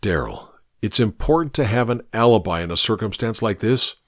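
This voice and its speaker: A man playing a no-nonsense best friend in an audiobook, blunt and matter-of-fact with a dry sarcastic edge. His lively voice moves up and down, recorded close and dry. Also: lowish voice, moderate pace, no room sound.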